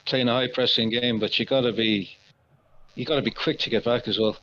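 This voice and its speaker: Relaxed man chatting about football. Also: medium pitch, fairly quick, slight background noise. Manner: relaxed, talks football tactics. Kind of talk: casual chat. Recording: slightly dull lo-fi sound.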